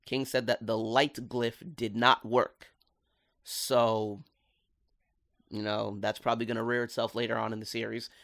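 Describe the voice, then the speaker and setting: A man talks through a cartoon episode in casual video commentary. His voice sits at a middle pitch, and he is animated and enthusiastic, with plenty of slang. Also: measured pace, gravelly. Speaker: cartoon reviewer.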